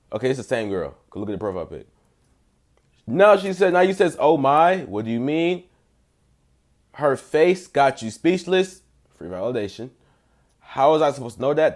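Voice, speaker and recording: A young man, a dating coach, giving blunt, mocking reaction commentary full of profanity and basketball slang. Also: mid-range voice. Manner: blunt, mocking, rates texts out of ten.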